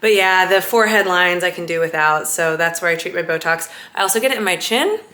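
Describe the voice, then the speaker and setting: A woman in her thirties chatting casually to a handheld camera at home, upbeat and at times hushed. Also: lowish voice, brisk. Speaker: vlogger and sports broadcaster. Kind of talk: casual vlog chat to camera. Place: home, getting ready in the morning.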